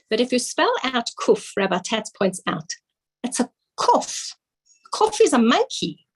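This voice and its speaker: A woman's voice: high voice, rough recording. A woman giving an earnest, explanatory Torah class to women, using Hebrew and Yiddish terms. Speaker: Torah teacher.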